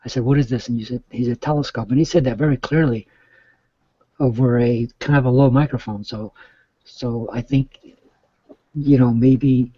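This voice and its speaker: Rambling middle-aged man, dark dull sound. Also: mid-range voice, husky, dry recording. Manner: rambling, with many restarts. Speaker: guest caller. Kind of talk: casual chat.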